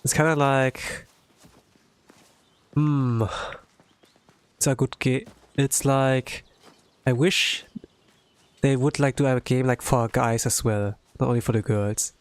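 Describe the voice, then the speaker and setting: A man giving casual, rambling commentary as he plays a game, filling his talk with "like" and bursting out with excitement. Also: mid-range voice, slow pace, long pauses, smooth. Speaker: streamer.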